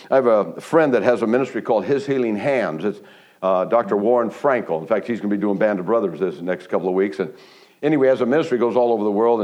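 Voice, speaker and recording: A man preaching a sermon who tells stories with growing excitement, often restarting his sentences. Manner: animated storytelling, pitch climbing high when excited; restarts and stumbles, laughs between phrases. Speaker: pastor.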